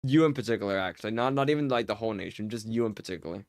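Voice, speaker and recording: A man's voice: on the low side, racing, no echo. A man streaming a game live, chatting casually with his viewers and teasing them with mock offense. He often stammers and repeats words as he jokes. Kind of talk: casual live-stream chat while playing.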